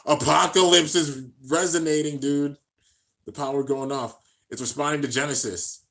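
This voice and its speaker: A man's voice: fairly high pitch, steady tone, normal speed. Hyped young man calling anime battles. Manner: hyped, shouts at big moments, slangy. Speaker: anime reaction commentator. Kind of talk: excited casual play-by-play commentary.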